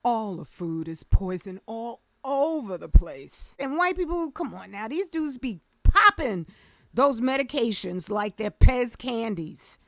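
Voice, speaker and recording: A woman with a high voice delivers an impassioned vlog rant, emphatic and sarcastic by turns. The sound is close and dry, with no room around her. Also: animated, measured pace, a bit bright, no room sound. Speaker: vlogger.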